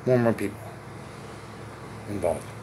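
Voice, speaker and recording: Against a noisy background, a vlogger in his forties from Connecticut rambles at length to camera on his own. His voice sits on the low side, animated at a moderate pace, and he swears, repeats himself and fires off rhetorical questions.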